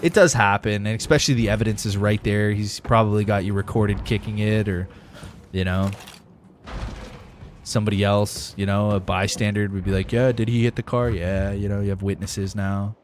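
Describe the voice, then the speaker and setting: A man's voice: fairly low pitch, level tone, normal speed, slight background noise. A young man streaming a game live, chatting with viewers in a profane, emphatic, ranting way. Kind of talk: casual gaming livestream chat.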